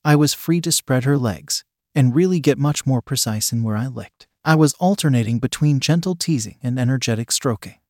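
A man narrates a first-person story in a plain, conversational reading. His voice sits at a middle pitch for a man, and the recording is dry, with no room sound at all. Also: moderate pace, a little mellow, no echo.

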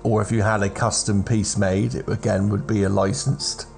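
Low-voiced man explaining game rules. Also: little pitch movement, normal speed, vocal fry, darkish tone, soft background music. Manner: explanatory, restarts phrases. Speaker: game master. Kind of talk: tabletop game narration and rules talk.

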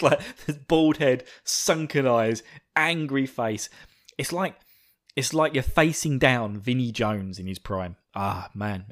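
A man hosting a podcast, chatting in a rambling, excitable way with laughs and swearing. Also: medium pitch. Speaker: podcast host. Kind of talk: casual podcast chat.

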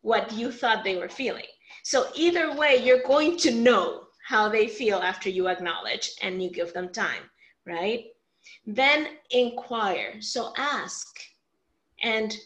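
A woman coaching a workshop on tough family conversations, her voice sitting a little high. She talks in an animated way, voices the example lines herself, and keeps checking in with "right?". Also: slow pace, poor audio. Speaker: communication coach. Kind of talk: teaching a workshop talk.

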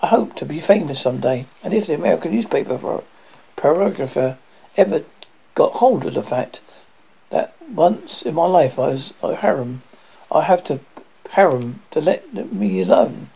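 A man's voice: a little high, animated, normal speed, vocal fry, breathy edge, heavily acted. A man voicing a vain, touchy young man who answers a strange visitor with scorn and anger. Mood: indignant. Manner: indignant and scornful. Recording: dull lo-fi recording.

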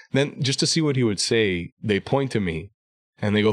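A man telling a story in casual podcast chat, animated and profane, acting out what his family said. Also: fairly low pitch, fast talker, no room sound, clean studio sound. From New York area. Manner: animated, swearing, acts out quoted family voices. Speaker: podcast guest.

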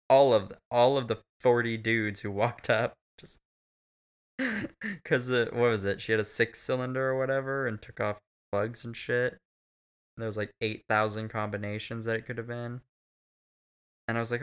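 A man's voice: mid-range voice, normal speed, smooth. A man co-hosting a casual, crude film recap chat, profane and laughing often. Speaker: podcast co-host.

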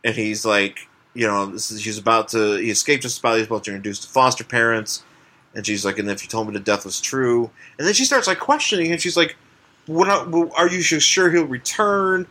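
A man co-hosting a comic book podcast, chatting casually in a rambling, halting, joking way. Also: on the low side, sharp tone. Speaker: podcast co-host. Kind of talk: casual chat.

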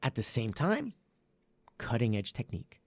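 A man with a gravelly, slightly creaky voice talks martial arts on a podcast, rambling and correcting himself, then picking up energy when he drives a point home. The sound is dry and close, with no room in it. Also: mid-range voice, wildly swooping pitch, moderate pace, a little mellow, no echo. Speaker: martial arts academy owner and podcast host. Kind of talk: casual podcast chat.

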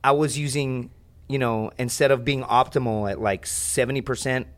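A young man telling a story as a podcast guest, in rambling, profane casual chat with lots of animated asides. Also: medium pitch, normal speed.

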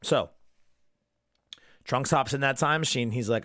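Young guy rambling excitedly about an anime episode, swears a lot, mid voice, dry close sound. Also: mid-range voice, a little slow, pauses often, no room sound. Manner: profane, enthusiastic fan rambling. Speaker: podcast host. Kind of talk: casual episode recap.

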